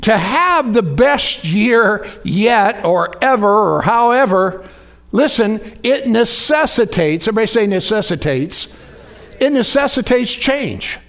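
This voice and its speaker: A man preaching a sermon, folksy and lively, calling out to the congregation for responses. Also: sits high, measured pace.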